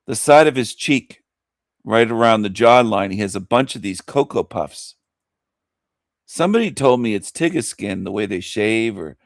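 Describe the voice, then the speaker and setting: A man's voice: medium pitch, no room sound, studio quality. A man hosting a show, giving mocking commentary in a sneering, ranting way that repeats itself. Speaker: host.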